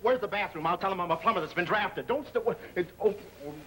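An actor playing a cocky, wisecracking young soldier in a 1940s film comedy, with quick patter. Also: male voice, high voice, a bit bright, slight background noise. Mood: joking.

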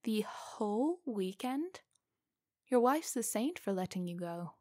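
Woman doing a polite eerie hitchhiker man, faintly british, hushed near-whisper, slow, dry sound. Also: medium pitch, sing-song, dry recording. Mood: quietly probing. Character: polite, eerie well-dressed male hitchhiker.

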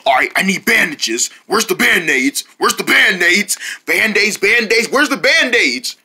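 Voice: medium pitch, big pitch swings, unhurried, few pauses, bright, forceful tone, husky. A performer in a homemade comedy skit talks to a stray puppy in a playful, chatty and affectionate way.

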